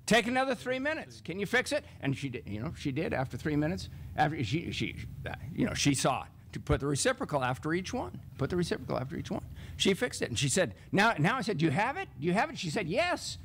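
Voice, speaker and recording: A man's voice: fast, a little hiss or hum. A man speaking on a teaching panel, telling a classroom story and acting out the dialogue. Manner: animated, acts out classroom dialogue with raised pitch. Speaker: math professor on a teaching panel.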